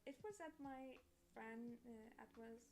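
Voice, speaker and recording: A young woman from Poland with a Polish accent, chatting casually while drawing, hesitant with many pauses and restarts. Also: fairly high pitch, over music. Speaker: artist streaming while drawing. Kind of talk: casual chat.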